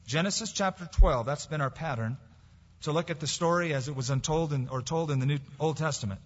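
Emphatic preacher in an echoing church hall. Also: male voice, on the high side, fairly quick. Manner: emphatic preaching with sudden drops to quiet. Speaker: pastor. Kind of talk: sermon. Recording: dull lo-fi recording in a reverberant hall.

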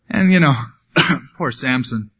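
A man's voice: medium pitch, bright, forceful tone, slightly rough, lo-fi sound. A man preaching a sermon, reading scripture and adding wry, conversational asides. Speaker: pastor.

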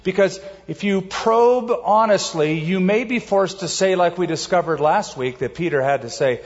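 A man preaching a sermon as a pastor, emphatic, slowing down to stress key words. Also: high voice. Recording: dull audio with long hall reverb.

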